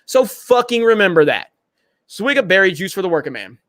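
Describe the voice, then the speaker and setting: A man's voice: high-pitched, sing-song, a little fast, fairly bright tone, dry recording, studio quality. A man hosting a casual livestream chat, blunt and confrontational, with frequent swearing. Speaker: show host.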